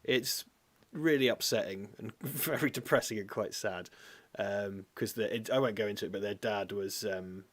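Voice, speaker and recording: A man's voice: fairly low pitch, moderate pace, no room sound. A young British man co-hosting a casual chat, rambling, swearing and mocking himself. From Britain. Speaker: podcast co-host.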